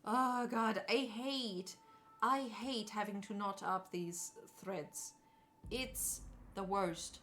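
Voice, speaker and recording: A woman's voice: medium pitch, steady tone, slow pace, a bit bright. A woman streamer chatting casually while she sews, talking to herself and answering her chat in a playful way.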